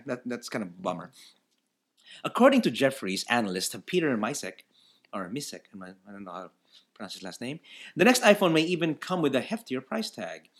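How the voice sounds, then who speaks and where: A man co-hosting a casual podcast, reading news items aloud and chatting about them, laughing often. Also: mid-range voice. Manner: lively, laughs often, reads stories aloud then comments. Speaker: podcast co-host.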